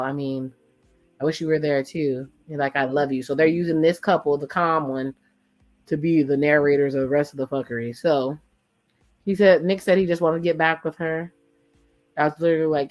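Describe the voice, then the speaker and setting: A woman hosting a casual watch-along, chatting in slang and retelling a reality show's dialogue with blunt asides to her viewers. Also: low-pitched. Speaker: watch-along reaction host. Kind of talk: casual reaction commentary.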